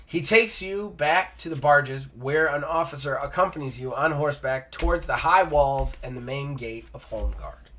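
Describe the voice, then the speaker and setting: With a fairly high, slightly bright voice at a moderate pace, the host plays through a gamebook alone. He reads each passage aloud and then interrupts himself with offhand, joking comments.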